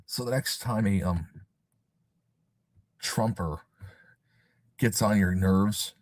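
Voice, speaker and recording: A man's voice: fairly low pitch, slow pace, darkish tone, dry recording. A man hosting a casual livestream, rambling with sarcastic asides and joking at his own expense. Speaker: livestream host.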